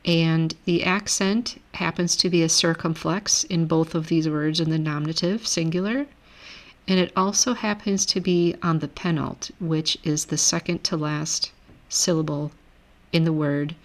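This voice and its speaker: Low-voiced woman teaching Greek grammar. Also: a little slow. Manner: relaxed, self-correcting explanations. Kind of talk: recorded lecture over screen.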